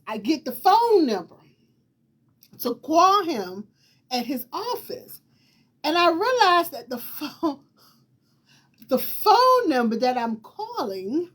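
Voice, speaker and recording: Animated woman telling a story, high voice. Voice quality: distinctive voice. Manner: animated, repetitive retelling with quoted dialogue and laughter. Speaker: talk show host. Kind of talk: casual storytelling to viewers.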